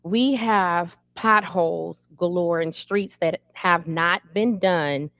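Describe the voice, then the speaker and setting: A woman's voice: fairly low pitch, slow pace, fairly bright tone, dry recording. Council candidate, woman, middle-aged, candid and emphatic. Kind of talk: interview answers.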